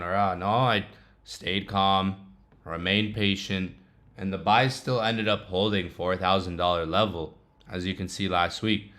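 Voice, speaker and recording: A young man with a low, deep voice talks through his trading charts in a loose, chatty vlog. His speech is slangy and relaxed, with quick laughing asides. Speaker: trading vlogger.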